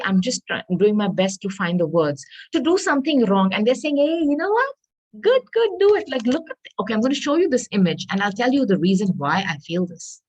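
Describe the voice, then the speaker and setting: A woman giving a tarot reading to viewers, earnest and reassuring, often pausing to hunt for the right word. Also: medium pitch, poor audio. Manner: earnest, reassuring, searches aloud for words; addresses viewers as darling. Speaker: tarot reader.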